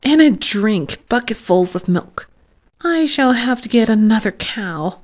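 A woman's voice: a little high, animated, unhurried. A woman voicing a fussy, motherly old sow who scolds her piglets in a raised voice. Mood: fretful.

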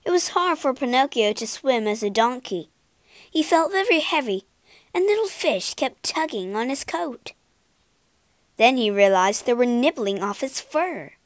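A woman reading a children's storybook aloud with expressive, dramatic narration. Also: fairly high pitch, a little slow, no room sound.

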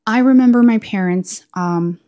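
A woman's voice: a little high, normal speed, muffled recording. A woman talking through her thoughts in a candid, self-questioning casual monologue. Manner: candid, self-questioning, with lively quoted asides. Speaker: vlogger.

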